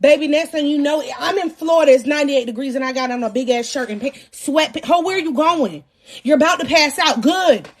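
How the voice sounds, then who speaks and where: High-voiced young woman telling a lively story. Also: brisk, few pauses. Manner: animated, profane and laughing as she tells the story. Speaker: live-stream host. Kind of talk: casual storytime on a live stream.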